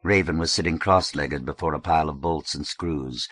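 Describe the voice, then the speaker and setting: A man narrating a novel as an audiobook in a measured, even way. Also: extremely low pitch, dry recording.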